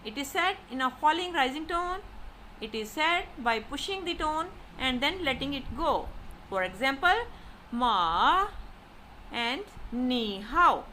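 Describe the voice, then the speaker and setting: A woman giving a slow lesson as a language teacher, saying example syllables one by one with exaggerated rises and falls. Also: sits high, expressive, sharp tone, slight background noise. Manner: deliberate, repeats example syllables with exaggerated tones. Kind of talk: slow explanatory lesson narration.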